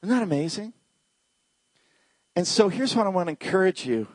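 Animated male pastor telling a story. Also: sits high, normal speed, no room sound. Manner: animated storyteller acting out dialogue, dropping to hushed tones. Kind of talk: sermon with storytelling.

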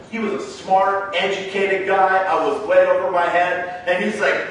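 A man preaching a sermon as a pastor, telling stories in an animated way and acting out the dialogue. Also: high-pitched, quick pace, few pauses. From Canada. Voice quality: animated storyteller who acts out the dialogue in his stories. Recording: very echoey hall, mic far off, faint background noise.

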